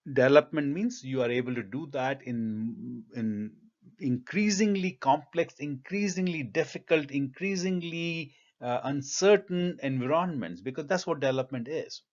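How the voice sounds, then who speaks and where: Man, career advice monologue, thoughtful, halting with fillers, slightly dull audio. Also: medium pitch. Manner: measured, thoughtful, many ums and uhs. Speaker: pharma consultant giving career advice. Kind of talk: reflective monologue.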